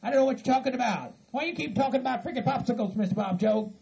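A man voicing a level-headed hillbilly friend who pleads patiently and tries to calm everyone down. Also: very high voice, quick pace, creaky. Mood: pleading. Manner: patient, pleading, repeats "Mister Bob Joe". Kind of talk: hobby comedy skit acting.

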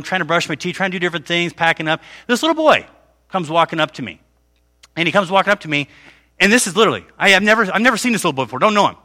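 Middle-aged guy preaching, kinda high voice, really bright and lively, tells stories and does the dialogue. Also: big-room sound. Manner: lively, acts out dialogue in the story. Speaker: guest preacher. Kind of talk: storytelling sermon.

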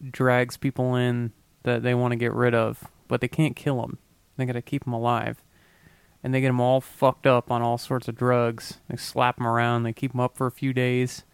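A man's voice: mid-range voice, level tone, normal speed, creaky, smooth, dry recording. An American man co-hosting a casual chat, laid-back and swearing freely.

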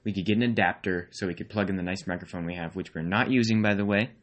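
A young man co-hosting a casual podcast, teasing in a dry deadpan way, recorded on a tablet microphone. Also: sits low, fast, lo-fi sound. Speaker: podcast co-host. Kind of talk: casual banter.

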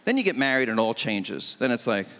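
A man doing a stand-up comedy set on a festival stage, animated and punchy with mock exasperation. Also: mid-range voice, quick pace, long reverb tail.

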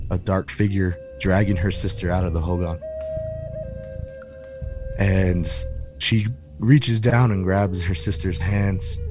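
A man telling a scary story on a podcast, slow and suspenseful, often repeating words for effect. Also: low-pitched. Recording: music playing under the voice.

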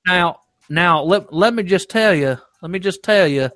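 A man hosts a casual live show with his friends. His voice sits somewhat high and sounds dry and close to the mic. He teases the others and plays at being offended, laughing a lot. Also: measured pace, few pauses, a bit bright, no echo. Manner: teasing, mock-offended, laughs often. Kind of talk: casual joking chat.

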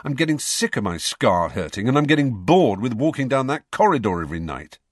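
A man reading aloud voices a frustrated teenage schoolboy who speaks in a flat, irritable way. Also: mid-range voice, brisk, dry recording, studio quality. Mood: irritated.

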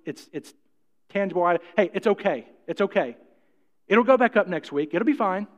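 Folksy high-voiced preacher in an echoing hall. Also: male voice, lively intonation, moderate pace. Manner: folksy, jokey, repeats himself, asks the congregation questions. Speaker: pastor. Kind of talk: sermon. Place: church hall. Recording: muffled, with long hall reverb.

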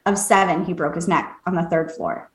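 A woman, a podcast co-host and medium, telling a story in a casual, animated way, laughing often, swearing and acting out what people said. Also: lowish voice, normal speed, crowd noise. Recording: echoey room.

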